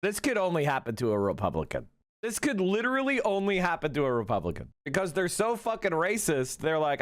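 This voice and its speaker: On a political livestream, a man with a somewhat high voice talks in an animated, profane, casual way, darting into quick tangents.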